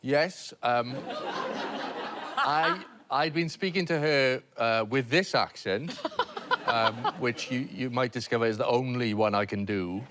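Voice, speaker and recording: A man's voice: mid-range voice, unhurried, background noise. A man telling a comic story on a TV panel show, hesitant and self-mocking, with many fillers and restarts.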